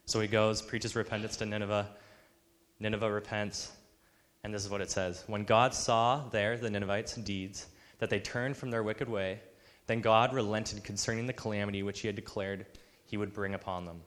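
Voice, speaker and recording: A man delivers an earnest sermon in a fairly low voice. He slips into the voices of the people he quotes. A long reverb trails behind him, like a large church hall. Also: steady tone, moderate pace, fairly bright tone. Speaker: pastor.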